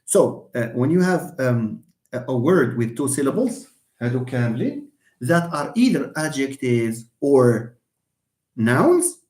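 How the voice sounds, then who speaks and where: A man with a Moroccan accent, a native Moroccan Arabic speaker, teaching an animated live English lesson and acting out his examples. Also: mid-range voice, measured pace. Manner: animated, mixes English and Arabic, acts out stress examples with a laugh. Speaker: English lecturer. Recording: roomy echo.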